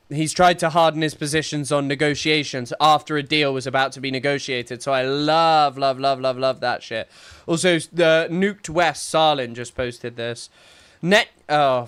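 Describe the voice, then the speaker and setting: A man's voice: mid-range voice, a bit bright, smooth. A young man, rambling and sarcastic in casual live-stream commentary, full of restarts and fillers. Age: young adult.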